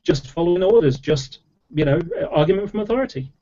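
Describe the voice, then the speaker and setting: Rambling man with a mellow voice. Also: a little high, animated, a little fast. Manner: rambling, heavy use of fillers and restarts. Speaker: debater in an online chat. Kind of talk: casual explanatory chat. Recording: dull lo-fi audio.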